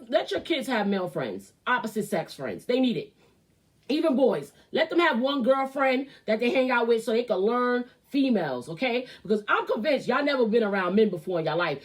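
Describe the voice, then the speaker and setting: A woman hosting her own show, ranting bluntly and profanely with lots of attitude. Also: on the high side. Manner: blunt, loud, swearing, animated. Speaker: host. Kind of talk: profane opinion rant.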